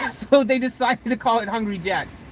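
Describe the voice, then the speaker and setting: A vlogger talks loosely from inside a van, with a faint hum of noise behind. The story wanders and doubles back on itself, broken up by little chuckles and mid-sentence corrections. The voice sits at a middling pitch. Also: moderate pace, fairly bright tone. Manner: rambling, self-correcting, chuckling. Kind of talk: casual storytelling to camera.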